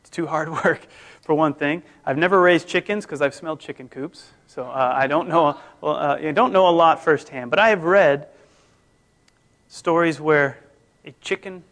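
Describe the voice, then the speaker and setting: A man preaching a conversational sermon, his voice swinging between loud emphasis and near-hushed tones. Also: on the high side, moderate pace. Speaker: pastor.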